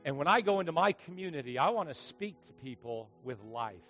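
A middle-aged man preaches with a playful, animated delivery, joking and slipping into the voices of the people in his stories. His voice sits a bit high for a man. Faint music plays behind him. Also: fairly quick. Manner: animated, joking storyteller who acts out voices. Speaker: pastor. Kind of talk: sermon.

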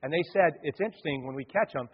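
A male pastor delivering an animated sermon, acting out the voices of the people in his stories. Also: on the high side, quick pace, slightly rough. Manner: animated preaching, acts out quoted voices. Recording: dull sound, long hall reverb.

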